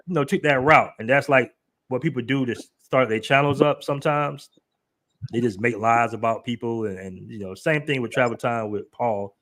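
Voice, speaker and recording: A man's voice: mid-range voice, fairly bright tone. A man hosting a live show, chatting casually in a loose, rambling, emphatic way. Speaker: host.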